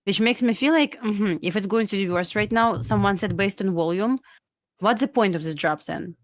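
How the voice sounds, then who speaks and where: A woman's voice: mid-range voice, dry recording, studio quality. Woman with Russian accent, thinking aloud. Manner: thinking out loud, halting and reasoning. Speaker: co-host trader. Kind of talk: casual live-stream chat.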